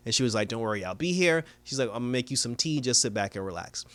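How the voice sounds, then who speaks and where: A man's voice: fairly low pitch, very fast, few pauses, a bit bright. A man hosting a casual TV review, retelling an episode with quoted character lines and frequent laughter. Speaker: TV review host.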